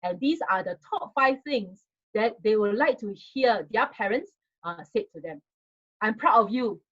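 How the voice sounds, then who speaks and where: A woman's voice: medium pitch, animated, normal speed. Singaporean woman giving a webinar talk. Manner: conversational, many fillers, addresses audience directly. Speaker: webinar speaker. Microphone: video call. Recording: dull lo-fi video call audio.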